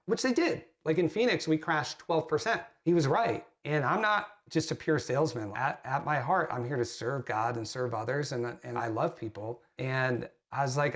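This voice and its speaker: A man's voice: mid-range voice, normal speed, few pauses, a bit bright. A man with a mid-range voice coaches fellow agents in a plain, earnest way. He tells his stories candidly and often restarts his sentences partway through. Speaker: real estate agent coaching other agents. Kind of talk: storytelling in a sales training call.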